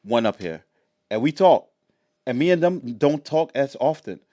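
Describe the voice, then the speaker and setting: Brief: male podcast co-host, lively swooping delivery, acts out conversations. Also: mid-range voice, normal speed, no echo. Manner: animated storytelling, acting out phone calls. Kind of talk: casual chat.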